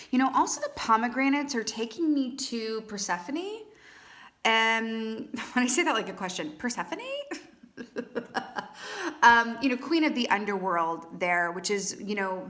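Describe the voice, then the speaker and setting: A woman's voice: mid-range voice, fairly bright tone. Woman tarot reader, casual and playful, talks straight to the viewer with lots of asides. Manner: chatty, playful, with frequent "right?" asides. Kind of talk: casual tarot reading monologue.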